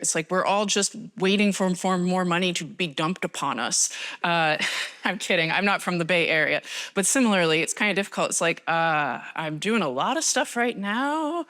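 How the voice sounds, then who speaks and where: A woman's voice: lowish voice, fairly bright tone, clear, resonant tone. An American woman, middle-aged, giving a conference talk on a stage mic in a large hall, chatty and rambling with self-deprecating asides. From United States. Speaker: conference speaker. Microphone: stage microphone.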